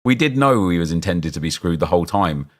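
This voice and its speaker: A man's voice: low voice, lively intonation, a little fast. A young man chatting casually as he streams a football game, rambling and answering his viewers' chat as he reacts to picks.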